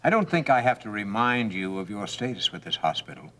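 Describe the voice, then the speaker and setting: Stern formal hospital chief, radio drama. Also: male voice, on the low side, big pitch swings, fairly quick, bright, forceful tone. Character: stern male hospital administrator.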